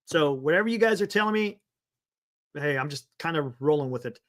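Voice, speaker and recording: A man's voice: a little high, lively intonation, fairly quick, a bit bright. A man hosting a live sports stream, chatting loosely, reading viewer comments and laughing often.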